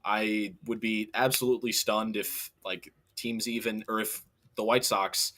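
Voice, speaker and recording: A young man co-hosting a casual sports podcast, relaxed and quick to laugh, picking up viewers' chat comments. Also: on the low side. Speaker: podcast co-host.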